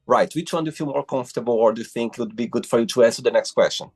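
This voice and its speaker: A man from Brazil hosting a casual interview over a video call, effusive and quick to exclaim. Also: mid-range voice, a little mellow, faint music behind. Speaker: host.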